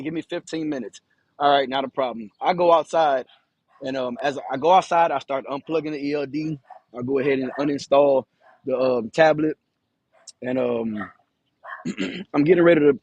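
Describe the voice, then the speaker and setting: A man's voice: a little high, moderate pace, a little mellow, dry recording, highs cut off. A man who drives a truck, telling a rambling, profane story to camera, stuttering and repeating himself. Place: in his truck.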